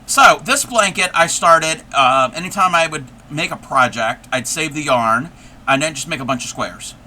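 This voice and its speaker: Chatty man, bright and sharp. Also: on the high side, animated, moderate pace. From United States. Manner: rambling, chatty, laughs often. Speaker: livestream host. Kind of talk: casual livestream chat while crocheting.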